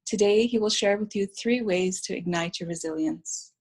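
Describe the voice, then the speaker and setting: A woman's voice: medium pitch, normal speed, darkish tone, husky. A woman moderating an online event, introducing a speaker plainly.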